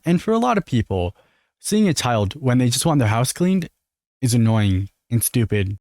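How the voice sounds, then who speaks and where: Man, American, youtube commentary, opinionated, lively pitch, dry sound. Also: no room sound. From United States. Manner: earnest, opinionated, talks to viewers. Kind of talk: reaction commentary.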